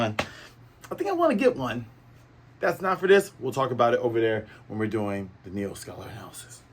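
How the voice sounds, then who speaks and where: A man's voice: medium pitch, fairly bright tone, a little hiss or hum. A man hosting a casual comic chapter review, rambling and playful, speaking to his viewers. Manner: rambling and playful, full of fillers and asides to viewers. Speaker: host of a manga review channel.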